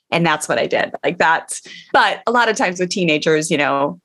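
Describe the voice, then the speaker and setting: A middle-aged woman hosting a parenting podcast, talking in a chatty, animated way with many fillers. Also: low voice, normal speed, few pauses. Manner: chatty, animated, many likes and you knows. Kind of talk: casual chat with promo read.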